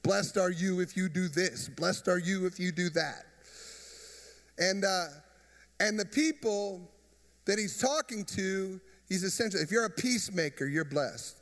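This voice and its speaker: A man's voice: high-pitched, a little slow, a bit bright. A man preaching a sermon as pastor, conversational and joking, asking the congregation questions. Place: church. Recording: reverberant church hall.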